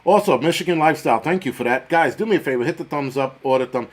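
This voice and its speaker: A middle-aged man hosting a casual livestream, chatting with viewers in a rambling, profane, joking way. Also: a little high. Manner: profane, rambling, jokey, quick swings in loudness. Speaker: livestream host. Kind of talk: casual livestream chat reading viewer comments.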